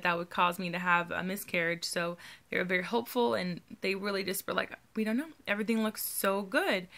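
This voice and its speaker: A young woman talks candidly to her viewers in a personal video diary. Her voice sits fairly low but comes across bright and forward. A gravelly fry runs under her earnest delivery. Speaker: vlogger.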